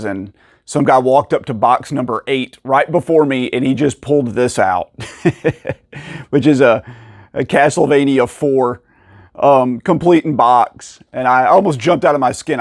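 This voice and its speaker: A man casually telling stories about finding rare video games, acting out the people in them with sudden jumps in pitch and frequent laughs. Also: no echo, clean studio sound. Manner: animated, acts out quoted dialogue with pitch jumps. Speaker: video game collector and channel host. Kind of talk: casual storytelling to camera.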